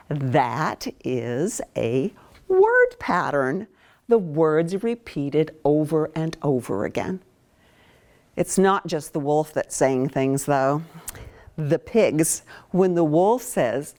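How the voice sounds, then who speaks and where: A woman's voice: low voice, very animated, slow, a little mellow. A woman from Maine, a children's author, giving an interactive lesson to young children and coaxing the class to join in. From Maine, USA.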